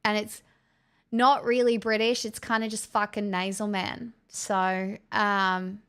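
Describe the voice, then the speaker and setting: A woman putting on a heavy, nasal, broad Australian accent to play a brash, crude, swearing loudmouth who rambles on. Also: mid-range voice, level tone, takes it slowly, smooth. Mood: blustering.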